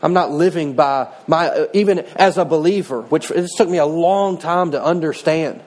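A man's voice: fairly high pitch, normal speed, a little mellow. A middle-aged male pastor preaching a sermon in a conversational way, mixing scripture with personal stories.

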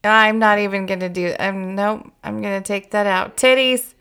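A woman's voice: mid-range voice, steady tone, moderate pace, fairly bright tone, clean tone. Chatty, laughing woman podcast host. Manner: chatty, laughs often, frank and a bit crude. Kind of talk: casual chat.

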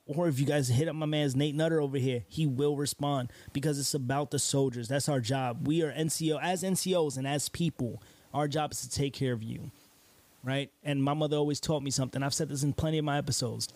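A man hosts a casual podcast in a slightly high voice, talking right to the listeners. He sounds earnest and encouraging, often checking in with a quick "right?". The sound is dry and close, with no room around it. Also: fairly even intonation, darkish tone, dry recording. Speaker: podcast host.

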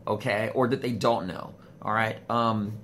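Man, low-ish voice, swears freely, rambles and spikes up when worked up, filming himself on a phone at home with a faint hum behind. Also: unhurried. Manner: profane, rambling, animated swings in pitch. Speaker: vlogger. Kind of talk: casual ranting monologue. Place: home studio room, indoors. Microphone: phone camera.

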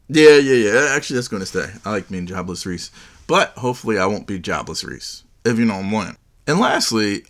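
A man's voice: lowish voice, fairly bright tone. A man hosting his own solo podcast, chatting casually in a joking, rambling way. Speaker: podcast host.

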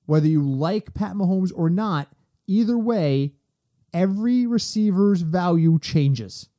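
A man hosting a sports podcast in casual chat, animated and ranting in quick bursts. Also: sits high. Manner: animated, talks fast in bursts and rants.

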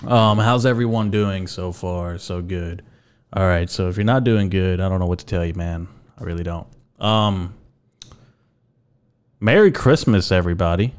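On his own podcast, a young man speaks in a deep, smooth voice at a moderate pace. The chat is casual and rambling, full of jokes, fillers and some swearing.

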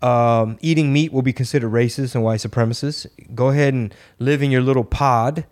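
A man's voice: mid-range voice, fairly even intonation, a little fast, darkish tone. A man hosting a podcast, chatting casually in a sarcastic, ranting way. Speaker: podcast host. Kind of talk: casual chat.

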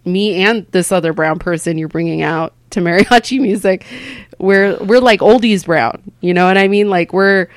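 A woman stand-up comedian from Southern California, a podcast guest rambling through stories in animated, casual interview chat. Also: fairly low pitch, moderate pace, dry recording.

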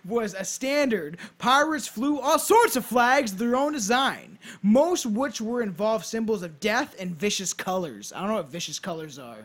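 High-pitched male podcast host, casual, reads notes with swearing asides. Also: lively intonation, moderate pace, few pauses, a bit bright. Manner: reads facts aloud with offhand swearing asides. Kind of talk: casual chat reading history notes. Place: hot home basement.

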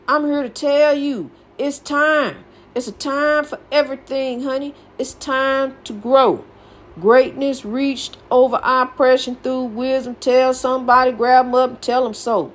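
Speaking a little slowly in a high, steady voice, an older female podcast host gives a homespun, sermonizing pep talk, echoing her own phrases to drive points home.

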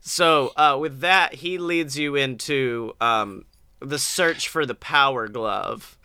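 A man co-hosting a podcast in casual, joking chat, animated and a bit profane. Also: mid-range voice, takes it slowly, smooth. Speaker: podcast co-host.

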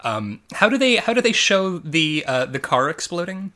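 Male podcast co-host, bright, animated delivery, rambling with fillers. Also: sits high, moderate pace. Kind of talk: casual chat about movies.

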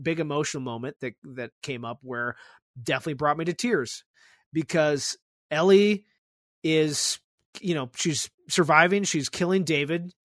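A young adult man hosting a podcast, talking in a casual, animated way with a fair bit of swearing. His voice sits a little higher than most men's. The sound is close and dry, with no room around it. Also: dry recording. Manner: animated retelling, swears freely. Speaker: podcast host. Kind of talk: casual chat.

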